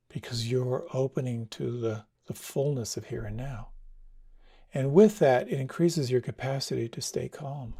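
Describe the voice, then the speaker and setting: A man giving a dharma talk as a meditation teacher, speaking in a gentle, reflective way. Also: medium pitch, slightly rough. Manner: gentle, reflective, tells stories with quoted dialogue.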